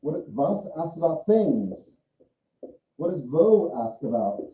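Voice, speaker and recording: A man's voice: fairly high pitch, big pitch swings, slow pace. A male teacher giving a classroom lecture, talking casually and asking his students questions. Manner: conversational, asks the class questions. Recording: echoey, distant, muffled classroom recording.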